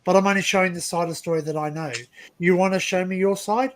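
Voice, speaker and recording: A high-pitched Australian man hosts a casual online group chat. He rambles through his points, stumbling over repeated words, and states his opinions bluntly. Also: steady tone, fast. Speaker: livestream host.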